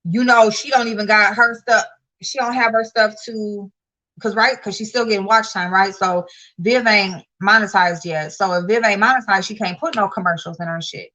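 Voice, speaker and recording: A woman's voice: mid-range voice, fairly even intonation, moderate pace, bright, forceful tone, dull audio. A woman, a channel host giving casual, profane commentary, blunt and sassy, rising to exasperated outbursts. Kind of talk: casual live-stream commentary.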